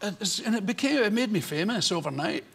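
A man's voice: high-pitched, lively intonation, brisk, gravelly, fairly bright tone, breathy edge. An older man with a Scottish accent, a chat show guest telling comic stories in a rambling, wry way, heard on a noisy television broadcast. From Scotland. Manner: rambling, wry, breaks into laughter. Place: television studio.

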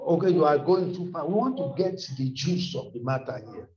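A man preaching a sermon to a congregation in a church hall, impassioned and often shouting as he calls on the listeners. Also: a little high, lively intonation, fairly quick, a crowd in the background. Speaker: pastor. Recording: echoey hall, distant mic, muffled sound.

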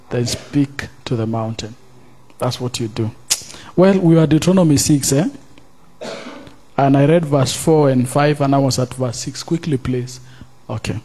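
A man preaching as pastor at a church service, reading scripture aloud, questioning the congregation and rising into loud, drawn-out emphasis. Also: mid-range voice. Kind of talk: sermon.

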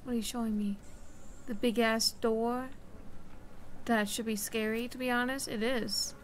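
A woman's voice: a little high, steady tone, measured pace, a little hiss or hum. A woman streamer giving let's play commentary. She swears freely and chats to the characters on screen. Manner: profane, chatty, talks to game characters. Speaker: gaming streamer. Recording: commentary over loud game music.

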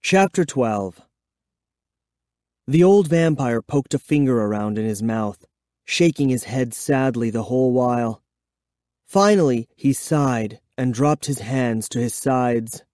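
A man reading a children's horror book aloud, giving expressive, measured first-person storytelling. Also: medium pitch, dry recording, studio quality. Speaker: audiobook reader. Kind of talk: dramatic audiobook narration.

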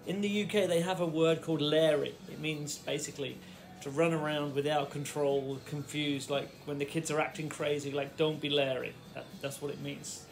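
This Fens-born middle-aged vlogger rambles through memories of his childhood from his home kitchen, frequently breaking off mid-thought while a radio plays faintly. The pitch is fairly high with little movement. He keeps a moderate pace and barely pauses.

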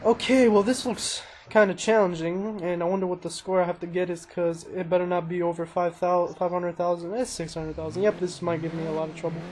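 A man casually commentating his own racing gameplay, excitable and self-mocking, talking to himself as he plays. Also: sits high, fairly quick, few pauses. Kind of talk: casual let's-play commentary. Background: engine noise and crashes from the game.

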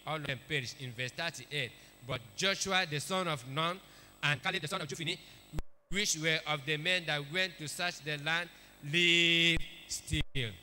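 A man's voice: a little high, sharp tone, slight background noise. A man preaching a sermon, emphatic, repeating key phrases and calling for amens. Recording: echoey hall with long reverb.

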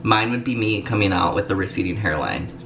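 This young Los Angeles vlogger talks briskly to camera at home and in a car, his low voice full of lively intonation as he rambles with fillers. The audio is dull, with clear ambient noise typical of a home vlog.

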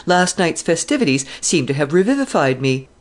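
A woman's voice: sits low, sing-song, a little fast. A woman reading the part of a cheerful, chatty young army captain in a classic novel. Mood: breezy. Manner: breezy, chatty.

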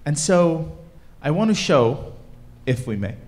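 A man giving a storytelling talk to a live audience at a cultural event, animated and casual, with fillers. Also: a little high, takes it slowly. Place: event hall stage.

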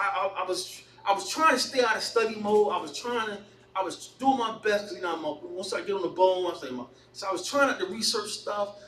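A man leading a casual Bible study, animated and storytelling, often repeating himself. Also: high voice. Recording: echoey room, mic far off, faint noise.

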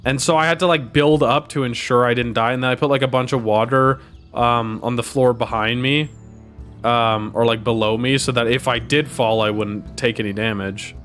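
A man's voice: medium pitch, fairly even intonation, moderate pace, a bit bright. Goofy young man streaming a game. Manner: goofy, playful, talks to the game and chat. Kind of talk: casual gameplay commentary. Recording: music playing behind.

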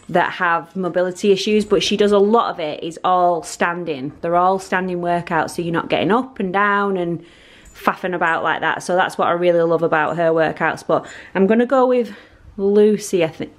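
A woman, chatting casually and rambling while filming her home on a handheld phone. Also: on the low side. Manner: chatty, rambling, self-deprecating. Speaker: vlogger. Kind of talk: casual home vlog chat. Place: family home, indoors.

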